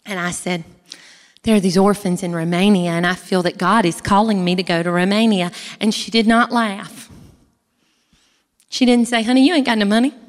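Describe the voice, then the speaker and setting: Standing on a stage in a large, reverberant hall, a woman speaks to the audience directly while giving a testimony at church. She talks at normal speed in a mid-range, fairly even voice, sounding folksy and chatty.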